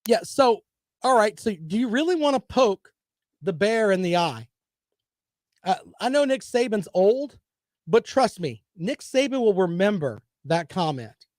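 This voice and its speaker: A man's voice: high voice, very animated, measured pace, darkish tone, dry recording, clean studio sound. A man hosting a sports talk show, delivering opinionated, sarcastic commentary in a combative, rambling way.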